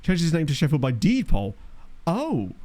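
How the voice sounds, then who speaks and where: A man's voice: on the high side, huge pitch swings, moderate pace, a little mellow. A young man chatting casually while streaming a football management game, with wry asides and replies to chat. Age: young adult. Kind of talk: casual live-stream commentary. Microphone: desk microphone.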